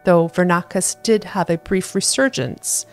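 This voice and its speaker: A woman narrating a fantasy book as an audiobook reader, in a steady storytelling read. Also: lowish voice, a little slow, faint music behind.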